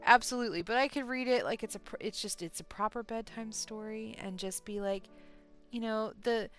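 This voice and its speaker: A woman's voice: on the high side, a little fast, fairly bright tone, faint music behind. A tired young woman chatting casually on a crochet livestream, rambling, laughing often and trailing off with ums. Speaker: crochet streamer.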